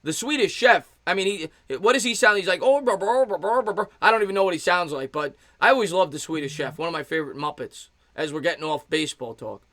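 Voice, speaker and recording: Man in his thirties, fan-streamer play-by-play caller, bright and close-miked, chatty between pitches. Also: fast talker, hardly any pauses, no echo. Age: 30s. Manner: excited fan calling pitches, thanks chat viewers. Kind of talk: live play-by-play commentary with chat replies.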